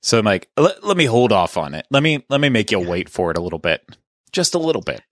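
A man's voice: fairly low pitch, sing-song, quick pace, fairly bright tone, dry recording, clean studio sound. A man hosting a podcast in casual, chatty talk, joking asides about his own habits. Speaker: podcast host.

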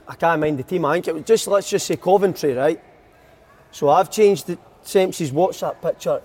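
A man's voice: on the high side, darkish tone. A young Scottish man, a footballer telling stories in a casual podcast chat, laughing often. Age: young adult. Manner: chatty storyteller, laughs a lot.

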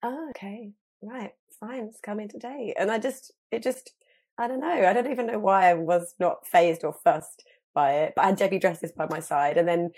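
A woman in her thirties, a guest telling a story in animated casual chat, full of fillers. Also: lowish voice, moderate pace.

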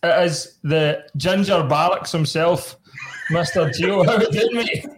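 Laughing podcast host. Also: male voice, on the high side, unhurried, background noise. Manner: banter, swearing, lots of laughing. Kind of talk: casual chat.

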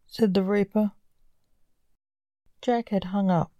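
Slow, mellow woman narrating a dark tale. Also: lowish voice, fairly even intonation, no echo. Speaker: storyteller. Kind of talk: scripted narration of a dark story.

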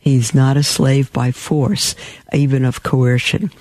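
A man's voice: steady tone, slow pace, darkish tone, no room sound. A man preaching a sermon, explaining words in a teaching way, often repeating key words. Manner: teaching, repeats key words, rises high when quoting. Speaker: Catholic preacher.

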